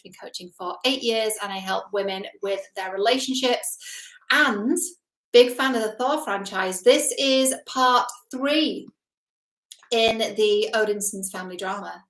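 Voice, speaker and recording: A woman's voice: mid-range voice, a bit bright. A woman hosting her own show as a relationship coach, chatting through a film analysis in an emphatic way and often asking the listener questions. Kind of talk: casual film analysis commentary. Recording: roomy echo.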